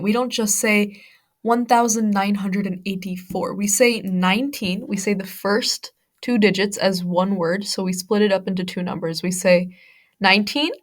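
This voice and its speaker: A woman with an American accent teaching an English-as-a-second-language lesson, explaining patiently step by step with worked examples. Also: medium pitch. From United States. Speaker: ESL teacher.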